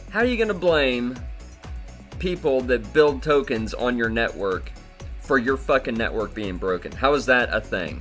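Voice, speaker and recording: A man delivers an indignant, profanity-laced commentary and keeps circling back to the same complaints. His voice sits at a middle pitch. Soft music plays quietly behind him. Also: sing-song, moderate pace. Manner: profane, indignant, repeats himself. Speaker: crypto video host. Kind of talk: angry commentary rant.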